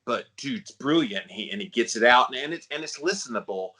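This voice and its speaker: A man with a baritone voice hosting a podcast interview, chatty and rambling. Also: animated, a little fast, pushed and bright. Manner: chatty, rambling, with frequent fillers. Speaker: podcast host.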